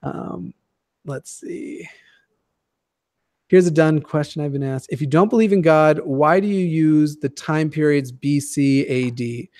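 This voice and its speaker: Man in his twenties, rambling and profane, fairly high voice, dry sound. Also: unhurried, darkish tone, dry recording. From Denver area, USA. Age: 20s. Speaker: guest YouTuber. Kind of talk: casual chat.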